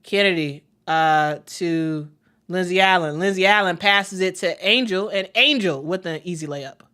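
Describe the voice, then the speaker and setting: Woman, fan-channel play-by-play caller; bright, chatty, excitable, talks to viewers. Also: fairly low pitch, unhurried, smooth. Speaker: play-by-play commentator. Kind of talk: casual live play-by-play stream.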